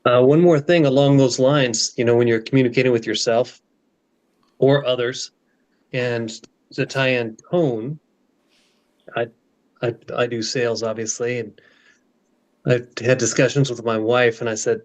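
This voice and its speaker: A man joining a casual group talk, sharing a quick, offhand story about his own life. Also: mid-range voice, steady tone.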